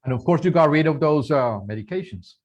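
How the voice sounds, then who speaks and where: A man interviewing a guest over a video call, asking halting, tentative questions. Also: on the high side, lively intonation. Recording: dull lo-fi call audio.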